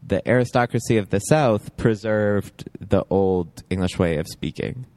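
A man's voice: lowish voice, a little slow, a little mellow, no room sound. A man chatting casually about a TV show, rambling with lots of fillers and laughs.

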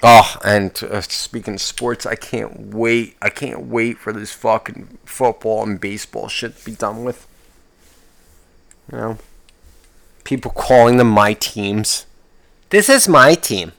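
A man with a gravelly, fry-heavy voice rants through a solo podcast. He swears constantly, trips over his own restarts, and sounds fed up. The sound is dry and close, with no room echo. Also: lowish voice, level tone, measured pace. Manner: profane, rambling, restarts often; complaining, exasperated. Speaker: podcast host.

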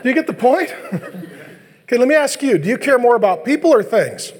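A man preaching a sermon as a pastor, animated and joking, acting out biblical dialogue in playful voices. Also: very high voice, a little fast, husky. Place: large church hall. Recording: long hall reverb.

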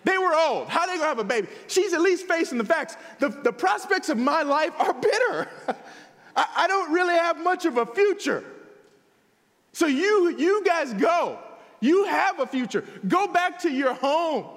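A man preaching a sermon with a very high, lively voice, talking plainly with the congregation and firing off rhetorical questions. The long reverb of a church sanctuary hangs on his words. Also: normal speed. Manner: conversational, animated, rhetorical questions. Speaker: pastor.

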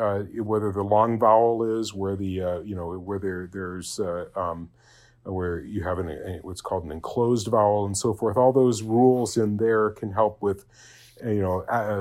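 In a mid-range voice, a man teaches Latin informally, hesitating and using lots of fillers. He sounds out example words slowly and keeps checking in with "okay?"

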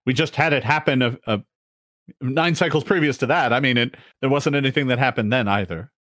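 An earnest, plain-spoken deep gnome woman who guides the party through the caves, as a game master puts her on. She explains her people's ways matter-of-factly, with small hesitations. The voice stays close to an ordinary mid-pitched man's. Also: fairly quick, fairly bright tone, no room sound, lightly acted.

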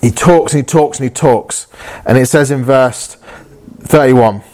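A man's voice: medium pitch, measured pace, a little mellow. A man preaching a sermon in an earnest way, repeating phrases for emphasis and asking his listeners rhetorical questions. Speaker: pastor.

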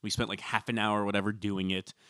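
A man's voice: fairly low pitch, fast, smooth, dry recording. Dry-sounding man recapping reality TV. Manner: relaxed, wry storytelling with fillers. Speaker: podcast co-host. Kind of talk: casual reality TV recap chat.

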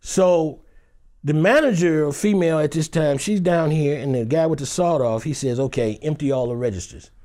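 A Detroit actor vividly tells a dramatic personal anecdote, acting out the scenes with shifting voices. His voice is fairly high with a dark tone, at normal speed.

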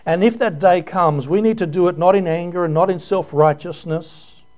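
Man preaching a sermon, high voice, earnest and heartfelt, asks the congregation questions. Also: moderate pace, a little mellow. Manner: earnest, emotional preaching with many rhetorical questions. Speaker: pastor.

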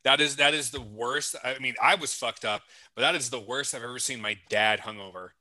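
A man's voice: medium pitch, a little fast, bright, forceful tone, dry recording. A man in casual chat, jumping in to correct and add to a friend's story. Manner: emphatic, chiming in and correcting a friend.

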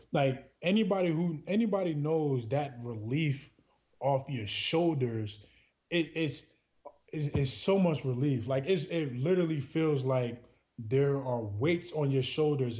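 A man's voice: mid-range voice, dark tone. A man from New Jersey, a podcast guest, telling a personal story in a casual, earnest way, full of filler words. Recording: dull lo-fi recording.

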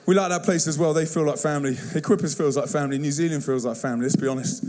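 A man preaching an energetic sermon to a church, telling stories in a punchy, slangy, excitable way. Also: a little high, very fast, a little hiss or hum. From United Kingdom. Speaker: guest youth evangelist. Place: church service.

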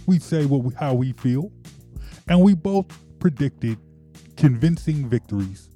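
A man hosting a sports talk show, exasperated and animated, often repeating himself. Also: mid-range voice, unhurried, soft background music.

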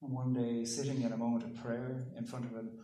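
A man giving a thoughtful public talk, pausing and restarting, and reading a poem aloud. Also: medium pitch, level tone, warm tone, slight background noise. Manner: thoughtful, halting with ums and restarts. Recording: roomy echo.

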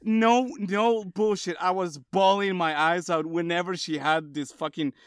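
A man's voice: sits high, steady tone, a little slow, clear, resonant tone, dry recording, studio quality. A man in casual chat, emphatic and exclaiming, swearing heavily.

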